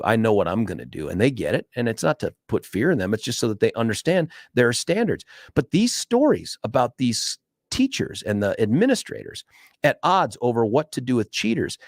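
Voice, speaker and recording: A man's voice: mid-range voice, no echo, clean studio sound. A man hosting a talk radio show, telling a story in a monologue and acting out the voices of the people he quotes.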